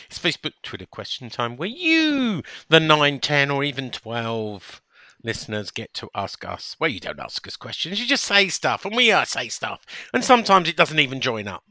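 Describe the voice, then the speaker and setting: A man's voice: mid-range voice, pushed and bright, no echo, clean studio sound. A man opening a podcast episode in casual chat, playful and self-mocking. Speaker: podcast host opening the show.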